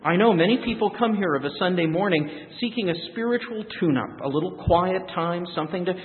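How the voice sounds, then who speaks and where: A man preaching a reflective, earnest sermon, his voice rising and falling softly. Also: sits high, fairly quick. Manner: earnest, reflective preaching with lively rises and soft drops. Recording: tinny phone-like sound, long reverb.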